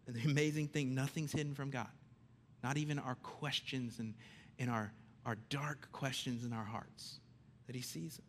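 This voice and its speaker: A man preaching a sermon in a conversational, animated way, swinging between loud emphasis and hushed lines. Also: mid-range voice, a little slow, long pauses, a little hiss or hum.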